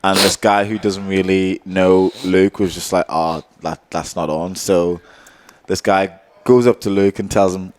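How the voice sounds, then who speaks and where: A man's voice: low-pitched, little pitch movement, a little slow, noisy background. A young man co-hosting a podcast, telling a story in a laid-back way and laughing often as he goes. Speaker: podcast co-host. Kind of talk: casual chat.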